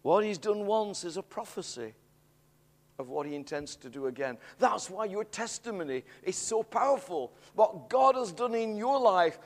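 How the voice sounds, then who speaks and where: A middle-aged man preaching a sermon, telling a story in an animated way that swells into excited shouts. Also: high-pitched. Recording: long hall reverb.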